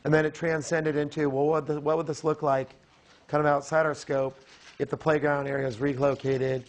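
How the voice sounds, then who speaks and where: Hoarse male presenter, slightly high voice, explanatory and filler-heavy, public meeting. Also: flat delivery, moderate pace. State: hoarse, losing his voice. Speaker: design firm presenter.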